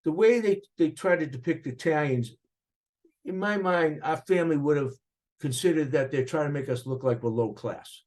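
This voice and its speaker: An older man with a Boston accent recalling his upbringing in an interview, animated and rambling, with frequent restarts. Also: a little high, normal speed. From Boston area, USA. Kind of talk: reflective interview recollection.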